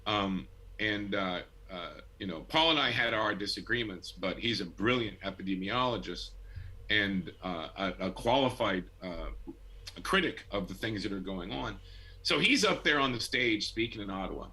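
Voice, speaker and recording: A middle-aged man from Buffalo, New York, telling a story as a guest in a casual interview, animated and laughing often. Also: on the low side, normal speed, slightly rough, rough recording. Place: home.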